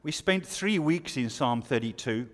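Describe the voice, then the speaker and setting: A man's voice: mid-range voice, animated. A man preaching a sermon, explaining scripture verse by verse and asking the listeners rhetorical questions. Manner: expository, rhetorical questions, pauses. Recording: long reverb of a hall.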